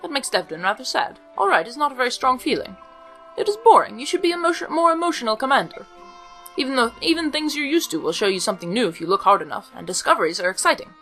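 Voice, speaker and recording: An eccentric, upbeat soldier who adores plants and always refers to himself in the third person, as a woman puts him on. The voice is pitched up and bright. Soft game music plays under it. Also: sing-song, fast, exaggerated voice. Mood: earnest. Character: eccentric cheerful male plant-loving soldier.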